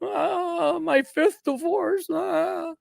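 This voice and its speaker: A man voicing a whiny, self-pitying older male boss in a shrill, wailing tone. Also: drawn-out words, creaky, darkish tone, no echo, clean studio sound, full character voice. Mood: whining.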